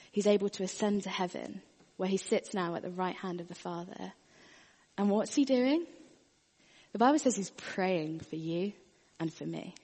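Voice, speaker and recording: A woman preaching a sermon, earnest, often dropping her voice very soft and quiet. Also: mid-range voice, vocal fry, breathy edge, long reverb tail.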